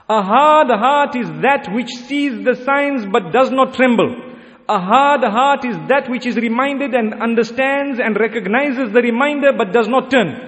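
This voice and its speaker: A man's voice: very high voice, a bit bright. A man preaching a sermon in an earnest, exhorting way, rising for emphasis. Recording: long hall reverb.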